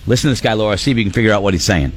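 Rambling, jokey radio host, low voice. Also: male voice, expressive, racing, faint music behind. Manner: rambling, jokey, trails off and restarts. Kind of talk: casual radio banter.

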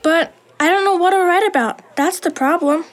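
A modest, helpful schoolgirl who speaks politely in a high voice. She is a character in a children's audio drama. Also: normal speed. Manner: soft-spoken, polite.

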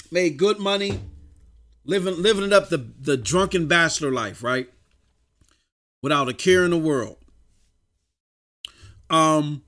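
A man with a high voice talks to his stream chat off the cuff. He pushes his points emphatically and preaches a little, tripping over his words and restarting as he goes. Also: fairly bright tone. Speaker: livestream host.

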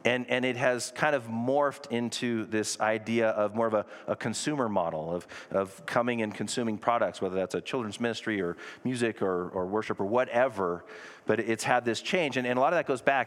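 A man's voice: medium pitch, a bit bright. Man preaching in a reverberant hall. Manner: conversational, self-deprecating asides. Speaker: pastor. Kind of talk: sermon. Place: church sanctuary. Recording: long reverb of a large hall.

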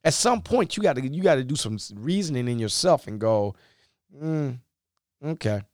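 A man's voice: medium pitch, brisk, no echo, studio quality. A man preaching a sermon in a folksy style, acting out the biblical figures as he explains the scripture. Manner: animated, folksy, acts out biblical dialogue.

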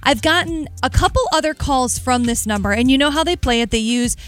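A young woman, co-hosting morning radio and telling stories with lively, acted-out dialogue. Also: sits high, fairly quick, no echo, faint music behind. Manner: animated storytelling, acts out both sides of a phone call. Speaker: radio co-host. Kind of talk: casual morning radio chat.

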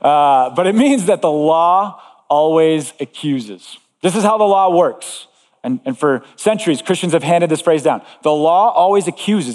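A man's voice: on the high side, darkish tone, in a large hall. A man preaching a sermon as pastor, earnest and emphatic, repeating key phrases.

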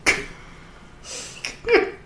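A man's voice: drawn-out words, a bit bright, reverberant. A man co-hosting a podcast in casual chat, retelling movie plots with joking asides. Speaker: podcast co-host.

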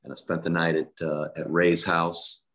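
A man, a football coach, recalls his career in a measured, matter-of-fact way. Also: low-pitched, level tone, a bit bright. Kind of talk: interview recollection.

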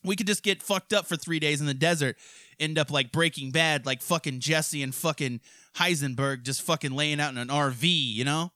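A man from hosting a podcast, telling crude stories in a rowdy, profane, animated way. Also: a little high, moderate pace, no room sound, studio quality. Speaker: podcast host. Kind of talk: crude casual storytelling.

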